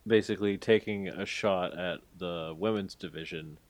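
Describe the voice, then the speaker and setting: In casual podcast chat, a male co-host with a low voice recaps a story at a moderate pace. He rambles and hedges, filling the gaps with lots of fillers, and the recording has no echo.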